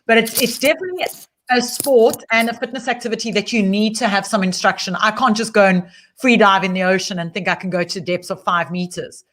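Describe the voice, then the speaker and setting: Host: South African woman coach, friendly and encouraging, plain mid-pitched voice. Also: fairly even intonation, fairly quick, a bit bright. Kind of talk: live interview chat.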